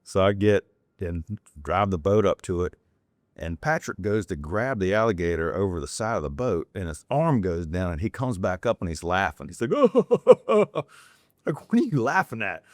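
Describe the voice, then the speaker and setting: A podcast guest from North Carolina with a fairly low voice tells rambling, digressive stories in a relaxed, chatty way, often restarting his sentences. He acts out the people he quotes in a raised voice and talks at normal speed. The audio is dry, with no room echo.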